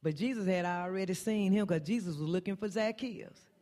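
A woman's voice: fairly quick, warm tone. A woman preaching a heartfelt sermon in a church. She builds through repeated refrains, and her voice leaps upward on the lines she wants to land. Her delivery is earnest and plainspoken. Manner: impassioned, repetitive refrains, pitch climbing on key phrases. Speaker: church speaker.

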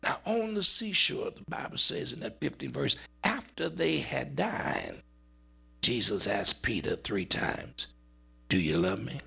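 A man preaching a dramatic sermon, swinging between high urgent cries and low murmured passages. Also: big pitch swings, a little slow, vocal fry, bright, forceful tone, slightly rough.

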